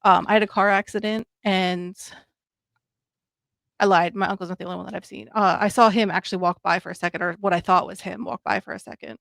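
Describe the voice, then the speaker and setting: A woman's voice: medium pitch, fairly even intonation, fast, creaky, a bit bright, no room sound, clean studio sound. A woman in her thirties, a podcast guest, telling a long story in a rambling way, with many ums and quoted lines of dialogue. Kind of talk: casual storytelling.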